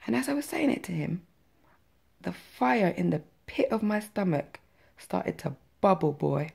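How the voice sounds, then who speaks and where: A woman's voice: lowish voice, sing-song, normal speed, creaky, a little mellow, breathy edge. A woman vlogger telling her personal story to camera in a chatty, emphatic way, with many fillers and tag questions.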